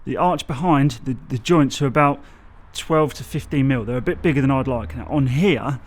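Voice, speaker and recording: Man, casual building-site vlog, rambling, self-correcting, mid-pitched voice. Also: normal speed. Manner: chatty, loses his train of thought, self-corrects. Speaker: bricklayer vlogger.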